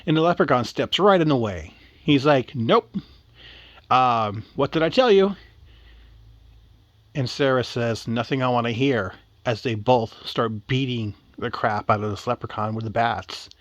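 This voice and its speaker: A man's voice: mid-range voice, fairly bright tone, no echo, dull audio. A man telling a story aloud in a casual, rambling, slangy way.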